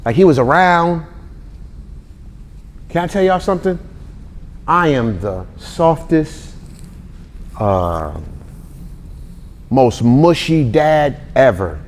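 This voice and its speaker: A man in his forties giving a lively, conversational Bible teaching, talking straight to his listeners and acting out the people in his stories. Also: on the high side, slow pace, pauses often, a little hiss or hum. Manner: animated, talks straight to the audience, acts out quotes. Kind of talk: conversational sermon-style teaching.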